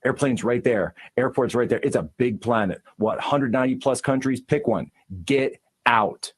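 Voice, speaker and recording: A man's voice: medium pitch, normal speed, breathy edge. A man ranting about politics, indignant and repeating himself. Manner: indignant, repetitive. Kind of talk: political rant.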